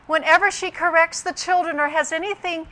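A woman's voice: very high voice, fairly even intonation, fairly quick, pushed and bright. An older woman giving an earnest, reflective personal testimony that weaves in scripture and family stories. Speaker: speaker sharing a personal story.

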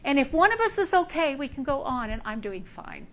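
A woman voicing Jesus as a calm, reassuring male voice during a sermon. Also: high-pitched, brisk. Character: Jesus speaking gently, calm male divine voice.

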